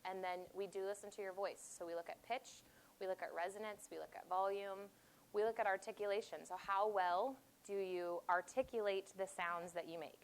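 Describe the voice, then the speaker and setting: A woman's voice: medium pitch, fairly even intonation, a little fast, slight background noise, rough recording. A woman speech therapist presenting to a support group, explaining terms plainly and repeating key points. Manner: demonstrates sounds aloud. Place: meeting room with audience.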